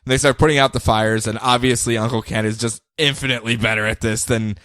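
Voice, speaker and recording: Male co-host, mid pitch, lively comic recapper, dry close mic. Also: fast talker, no echo. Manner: animated, acts out scenes and laughs often. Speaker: podcast co-host.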